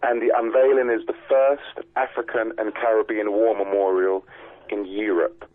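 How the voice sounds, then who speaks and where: A man's voice: on the low side, level tone, normal speed. Man on a tinny phone line. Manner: earnest, hesitant with fillers. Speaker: guest. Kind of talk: radio interview. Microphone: telephone.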